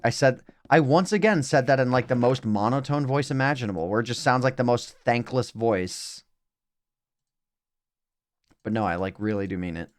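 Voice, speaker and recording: A man's voice: medium pitch, moderate pace. A young adult man streaming a game live, thinking aloud in a rambling way with self-mocking asides.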